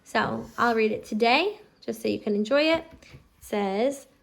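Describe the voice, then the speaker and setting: A woman homeschooling her child, explaining a phonics lesson and slowly drawing out letter sounds. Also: on the high side, lively intonation, gravelly. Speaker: homeschooling parent teaching phonics. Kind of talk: instructional explanation to camera.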